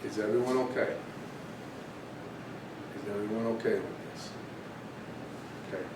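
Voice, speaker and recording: A middle-aged man, a teacher, telling a candid story to his class in an animated way. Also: measured pace. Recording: echoey room from far off, faint rumble.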